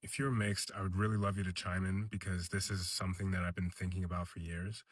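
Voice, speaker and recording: A man with an English accent telling a reflective personal story straight to his viewers in a calm, measured way. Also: low-pitched, slightly rough, no room sound. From England. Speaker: vlogger.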